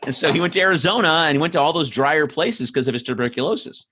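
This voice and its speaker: Fairly high-pitched, fast, pushed and bright with a slightly rough quality, this man's voice belongs to a podcast host answering questions. His casual, storytelling chat rambles, with frequent fillers and restarts.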